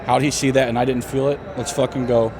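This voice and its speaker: A man's voice: mid-range voice, flat delivery, background noise. A male bodybuilder chatting in a gym, cursing a lot and talking with emphasis. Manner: profane, emphatic, fast-talking. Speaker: bodybuilder vlogger. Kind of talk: casual gym chat.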